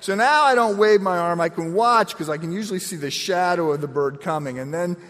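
A middle-aged man preaching a sermon with a slightly raised voice and lively storytelling that jumps up high for emphasis. His voice rings with the long reverb of a large hall. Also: brisk. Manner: storytelling with lively, animated swings in pitch. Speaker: pastor.

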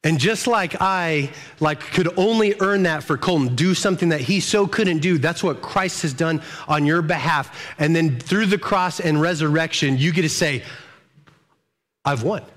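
A middle-aged man preaching in a relaxed, conversational way. His voice sits a little high for a man, and he often repeats words and restarts his sentences as he tells his story with animation. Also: normal speed, few pauses. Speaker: pastor. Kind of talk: sermon.

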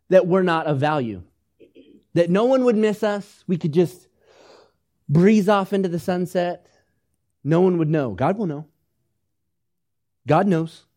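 A man preaching a sermon to his congregation, swinging between loud, urgent emphasis and hushed, tender asides, asking questions and leading them in repeating phrases. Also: fairly high pitch. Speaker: pastor.

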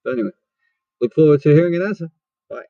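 A man's voice: a little high, lively intonation, fast, no room sound. A man calling in with a recorded question, rambling and hesitant while trying out a put-on accent. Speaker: caller leaving a voice message. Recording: dull dry lo-fi voicemail.

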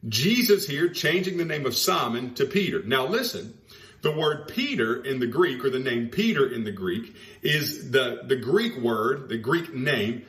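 A man preaching a sermon, stressing key phrases by slowing down and repeating them. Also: medium pitch, a bit bright. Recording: roomy echo.

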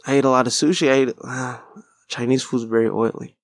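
A man's voice: mid-range voice, steady tone, brisk, dry recording. A male podcast host rambles through a casual solo chat, swearing freely and poking fun at himself. His voice sits in a middle register. The close mic sounds dry, with no room around it. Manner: rambling, profane, self-deprecating. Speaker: podcast host and stand-up comic.

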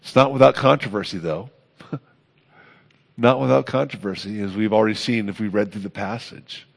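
A man preaching a sermon as pastor, earnest, building to emphatic peaks and then dropping soft. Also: on the low side, moderate pace, gravelly, slightly rough.

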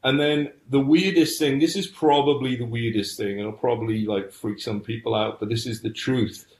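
A man's voice: mid-range voice, fairly even intonation, normal speed. A middle-aged man earnestly telling his personal story as a podcast guest. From United Kingdom. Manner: earnest storytelling, frequent restarts. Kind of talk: personal testimony. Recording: roomy echo.

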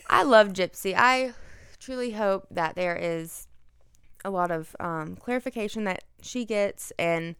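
A woman's voice: medium pitch, measured pace, a bit bright, clean tone, dry recording, studio quality. A woman from the American South with a Southern accent, co-hosting a podcast in casual chat, playful and giggly. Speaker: podcast co-host.

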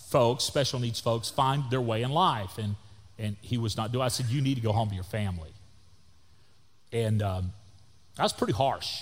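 Pastor preaching, hall reverb. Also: male voice, mid-range voice. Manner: folksy storytelling with acted quotes, swings from loud to soft. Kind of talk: sermon storytelling.

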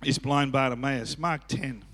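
A man preaching a sermon as pastor, swinging from quiet asides to loud shouting and often chuckling. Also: mid-range voice, fairly even intonation, unhurried. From Australia. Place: church auditorium. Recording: echoey church hall.

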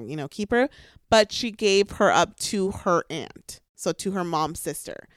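A woman's voice: mid-range voice, clear, resonant tone, no room sound, clean studio sound. A young woman co-hosting a podcast, casually recapping reality TV gossip in a chatty, filler-heavy way. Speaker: podcast co-host.

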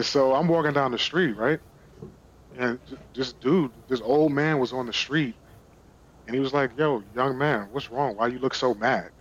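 A man's voice: medium pitch, a bit bright, highs cut off, slight background noise. A man from Brooklyn, a podcast guest telling stories in a candid, casual way and swearing freely. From Brooklyn, New York. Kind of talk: casual storytelling.

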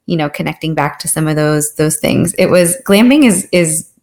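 A woman in her thirties co-hosting a podcast, talking in a chatty, quick way and laughing often. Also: low voice, a little mellow. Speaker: podcast co-host. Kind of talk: casual chat.

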